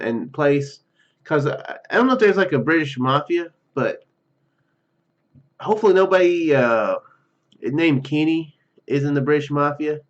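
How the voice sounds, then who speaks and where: A man with a slightly hoarse, froggy voice talks his way through a text game in a loose, rambling way, full of fillers and false starts. His pitch rises and falls with lively swings, and the sound is dull and lo-fi. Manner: rambling, self-deprecating, many fillers and restarts. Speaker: gamer reading a text adventure aloud. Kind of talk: casual let's-play commentary and reading.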